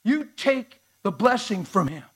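A preacher acting out arrogant, sneering Satan. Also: male voice, high voice, big pitch swings, a little slow, slightly rough, voice pushed up, heavily acted. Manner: mocking, incredulous. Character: arrogant sneering male Satan taunting God.

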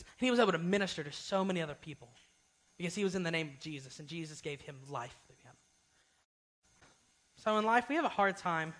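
A man's voice: high voice, pushed and bright, low-quality recording. A young man giving a casual youth sermon, informal and often asking "right?". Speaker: youth speaker.

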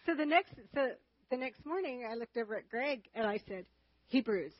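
A woman's voice: sits high, animated, a little fast, no room sound, highs cut off. A woman chatting and telling stories during a church marriage lesson shared with her husband. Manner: chatty, storytelling. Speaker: marriage teacher, co-host with husband.

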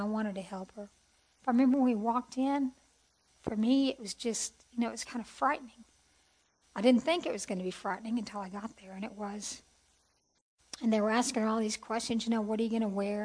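A middle-aged woman telling her personal testimony in an earnest, heartfelt way, with soft hesitations. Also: a little high, low-quality recording. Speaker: speaker sharing testimony.

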